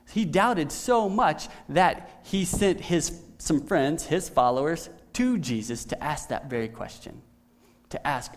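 Conversational higher-voiced male preacher. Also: animated, slow. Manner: conversational, asks "right?" often. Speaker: pastor. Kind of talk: sermon.

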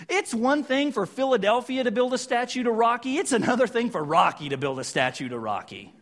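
A man with a high voice preaches a sermon in a loose, conversational way. He tosses in jokey asides and drops to a hush to stress his points. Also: big pitch swings, a little fast, few pauses. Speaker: pastor. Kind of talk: sermon retelling a Bible story.

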